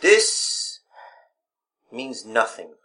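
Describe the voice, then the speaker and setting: A man's voice: medium pitch, very animated, extremely slow, bright, forceful tone. A man co-hosting a podcast, speaking in a pompous, mock-regal formal way. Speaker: podcast co-host. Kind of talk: casual podcast chat.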